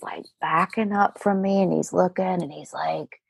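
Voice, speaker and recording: Low gravelly woman telling her story. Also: normal speed, hardly any pauses, no room sound. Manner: earnest, animated retelling with acted quotes. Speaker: interview guest. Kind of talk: personal storytelling in conversation.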